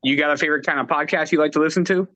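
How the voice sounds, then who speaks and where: A man's voice: on the high side, steady tone, rapid-fire, pushed and bright. Practical male podcast co-host. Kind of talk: casual podcast chat.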